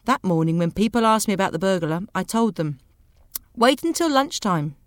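A woman reading a storybook aloud in a clear, measured, expressive way. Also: lowish voice, no room sound, studio quality. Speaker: audiobook reader. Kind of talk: scripted narration of a graded reader.

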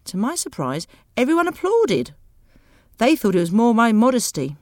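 A woman reading a storybook aloud in a clear, measured, expressive way. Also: a little high, no echo, studio quality. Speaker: audiobook reader. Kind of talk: scripted narration of a graded reader.

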